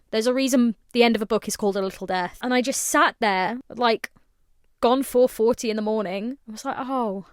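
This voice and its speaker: A woman's voice: on the high side, smooth, no echo, studio quality. A woman in her late twenties, a book content creator, giving an earnest, emotional book review while tired. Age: late 20s. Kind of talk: casual book review to camera.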